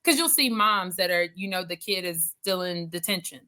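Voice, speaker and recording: A middle-aged woman judge tells stories from court in a relaxed interview, acting out what people said. Her voice is bright and forceful, sitting a touch low, with an animated, chatty delivery. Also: normal speed. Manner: animated storyteller, laughs often, acts out quotes. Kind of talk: casual interview conversation.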